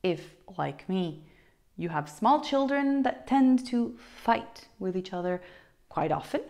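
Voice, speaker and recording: A woman, a teacher giving a playful, expressive online language lesson with wide swings in intonation. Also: mid-range voice, takes it slowly. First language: Italian. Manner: expressive, playful, shifts intonation widely for examples.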